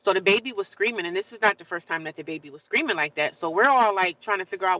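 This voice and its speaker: Bright-voiced woman chatting on a livestream. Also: mid-range voice, expressive, quick pace, few pauses, muffled recording. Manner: chatty, repeats herself, greets viewers by name. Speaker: livestream host. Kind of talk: casual livestream chat to viewers.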